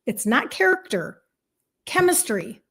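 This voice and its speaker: Animated woman live-streaming health coaching. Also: on the high side, unhurried, gravelly, breathy edge. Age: 50s. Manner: animated and emphatic, acts out inner voices; warm and encouraging, faith-tinged. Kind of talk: casual live-stream talk to viewers.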